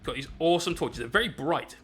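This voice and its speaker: A man's voice: fairly high pitch, animated, quick pace, a bit bright, slightly rough, faint music behind. A man hosting a casual painting live stream, bantering with his chat and explaining each step as he works.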